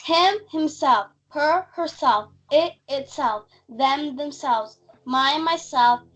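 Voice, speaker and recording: Young girl reading slowly aloud. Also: high-pitched, fairly bright tone, dull audio. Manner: slow careful reading aloud. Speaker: student.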